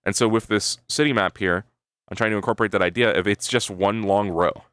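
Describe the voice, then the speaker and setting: A man's voice: on the low side, steady tone, a little fast, a bit bright, clear, resonant tone, no room sound. A male streamer chatting casually with his viewers, thinking aloud, swearing freely and tagging his sentences with "right?". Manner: rambling, swears freely, keeps adding "right?"; talks to his chat while thinking aloud. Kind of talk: casual live-stream chat.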